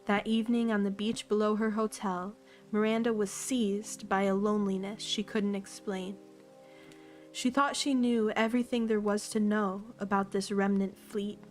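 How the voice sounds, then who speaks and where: A woman reading a novel aloud on a livestream, calm and unhurried with the odd throat clear, her voice a little worn. Her pitch sits in the middle for a woman, and soft music plays faintly underneath. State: slightly losing her voice.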